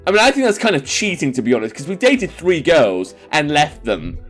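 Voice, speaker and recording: A man's voice: fairly high pitch, very animated, brisk. A man hosting a let's play, chatting and laughing as he reads a dating game aloud, with rambling asides. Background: faint game music.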